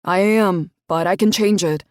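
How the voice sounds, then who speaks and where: A woman voicing a steady, dry-humored young man who speaks in short, understated lines. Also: sits high, a little slow, no echo. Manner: terse, understated.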